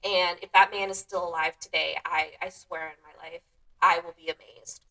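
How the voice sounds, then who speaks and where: A woman's voice: lowish voice, steady tone, moderate pace, sharp tone. A woman hosting her own podcast, chatting casually and self-deprecatingly, often laughing at herself. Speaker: podcast host. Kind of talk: casual solo chat. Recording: voice a bit distant from the mic.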